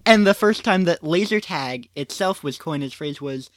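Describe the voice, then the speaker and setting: A man co-hosts a casual podcast, his slightly high voice moving in an animated way. He answers in short, agreeable bits with the odd chuckle, close on a dry mic. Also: moderate pace, no room sound. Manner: brief, agreeable replies with chuckles. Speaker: podcast co-host.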